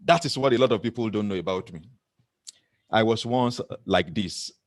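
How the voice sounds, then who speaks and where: A man's voice: fairly low pitch, normal speed, no echo. A middle-aged man with a Nigerian accent giving an earnest motivational talk to camera, often laughing at himself. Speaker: motivational speaker.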